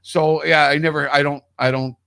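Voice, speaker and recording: A radio show guest tells a long personal story in casual chat, rambling, restarting, and swearing freely. His slightly high voice has little pitch movement, vocal fry, and a clean, fairly bright tone at normal speed, recorded dry.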